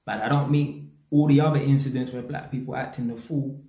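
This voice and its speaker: A man's voice: medium pitch, fairly even intonation, brisk, warm tone, reverberant. A man with a London accent giving a blunt, slang-heavy opinion rant straight to his audience, swearing freely. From England. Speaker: YouTube commentator.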